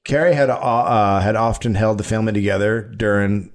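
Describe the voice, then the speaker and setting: A man hosting a comedy podcast, telling a true story with a deadpan, sarcastic delivery. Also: on the low side, a little fast. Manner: deadpan storyteller who mock-defends the lie with sarcasm.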